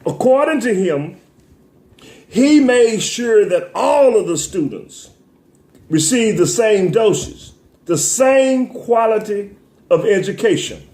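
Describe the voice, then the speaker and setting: A man's voice: sits high, lively intonation, takes it slowly, darkish tone, reverberant. A man hosting a talk show, speaking in an emotional, tearful commentary with a preacher-like cadence, stammering and repeating words as he sniffles.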